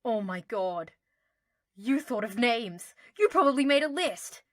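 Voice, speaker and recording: A woman voicing an excitable teenage boy wizard who shouts urgently in an audiobook. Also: medium pitch, normal speed, no echo, clean studio sound, lightly acted. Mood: teasing.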